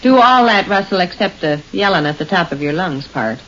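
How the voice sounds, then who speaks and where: A woman playing a practical middle-aged housewife full of quick homey exclamations, in 1930s radio comedy style on a hissy old recording. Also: on the low side, animated, a bit bright, muffled recording. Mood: bustling.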